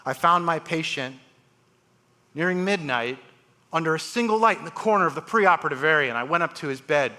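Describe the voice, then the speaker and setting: A man speaks on a live stage, telling surgery stories in a bright, forceful voice that sits a little high for a man. He swings his delivery widely, acting out each patient's words. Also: brisk. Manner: animated, acts out patients' voices. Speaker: transplant surgeon giving a talk. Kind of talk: storytelling speech on stage. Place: large live event hall.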